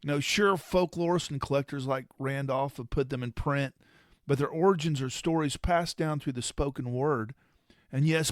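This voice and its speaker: A man co-hosting a podcast who explains in a casual, measured, conversational way. His voice is a little high for a man. The sound is close and dry. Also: no echo. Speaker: podcast co-host.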